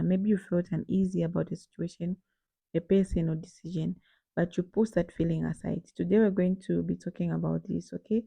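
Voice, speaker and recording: Gravelly, dark-voiced woman giving advice. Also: on the low side, no echo. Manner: addresses viewers directly, tag questions like "okay?". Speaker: advice channel host. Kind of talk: advice talk to camera.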